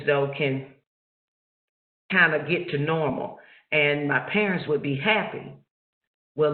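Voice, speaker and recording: A man slowly and reflectively telling a personal childhood story during a webinar, heard over a video call. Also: fairly high pitch. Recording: echoey, phone-like call audio.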